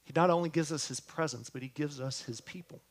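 A man preaching a sermon, talking earnestly and straight to his congregation, often asking them questions, his voice sinking to a hush on tender lines and lifting again on words of hope. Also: on the high side, fairly quick. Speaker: pastor.

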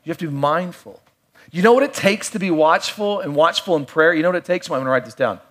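A middle-aged man with a voice pitched a little above most men preaches in a loose, conversational way. He mixes playful asides with hushed, reflective stretches. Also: expressive, quick pace. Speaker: pastor. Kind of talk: sermon.

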